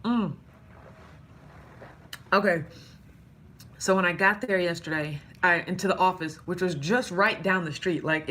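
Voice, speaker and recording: A young woman who has lost much of her voice, chatting casually and greeting viewers by name on a live stream. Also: fairly bright tone. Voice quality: low, husky from strain. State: hoarse, losing her voice. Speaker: vlogger greeting live chat.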